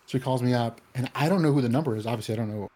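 A man's voice: mid-range voice, very fast, warm tone. A man chatting casually, rambling with many fillers and restarts. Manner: acts out quoted voices in anecdotes. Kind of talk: casual chat.

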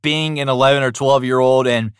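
An upbeat man talks as a voice actor in an interview, animated and chatty, leaning on casual fillers. His voice sits in an ordinary middle register. The sound is dry and close, with no room echo. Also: medium pitch, brisk, smooth. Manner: upbeat, animated, lots of fillers like "you know". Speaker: voice actor guest. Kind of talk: enthusiastic interview answers.

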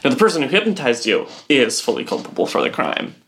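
A young woman co-hosts a relaxed podcast, explaining at length. Her talk rambles, thick with "like" and "um" as she works through her points. It is an easy, conversational chat. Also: very deep voice, fast talker, gravelly. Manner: rambling explainer, heavy use of "like" and "um". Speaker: podcast co-host.

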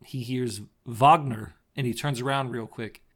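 A man with a gravelly, fry-tinged voice at an ordinary pitch chats through a TV episode for a podcast. He keeps slipping into quick quoted lines and laughs as he goes, in a loose, casual co-host manner. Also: a bit bright. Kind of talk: casual chat recapping a TV episode.

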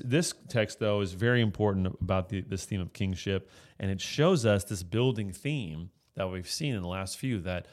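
A man with a notably low voice teaches through a psalm in an earnest, explanatory way. He often restarts his phrases as he thinks aloud. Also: a little mellow. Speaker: Bible teacher. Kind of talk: sermon-style Bible teaching.

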